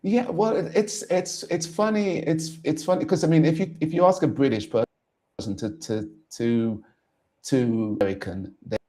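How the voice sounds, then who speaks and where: A man from Jamaica chatting as a guest, halting and repeating words, laughing often. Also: fairly high pitch, dark tone. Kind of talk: casual chat.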